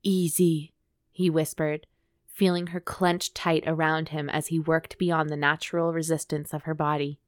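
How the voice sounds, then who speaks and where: A woman's voice: deep voice, flat delivery, normal speed, dry recording, clean studio sound. A woman co-hosting a podcast, reading a romance novel aloud steadily and breaking off for wry jokes. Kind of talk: dramatic reading with joking commentary.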